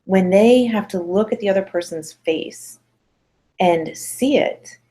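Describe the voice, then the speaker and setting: A woman's voice: medium pitch, takes it slowly. A middle-aged woman parenting instructor talking casually to mothers, chatty and encouraging, acting out little quotes as she goes. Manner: chatty, encouraging, acts out quotes with lively voices. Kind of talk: casual webinar talk to mothers.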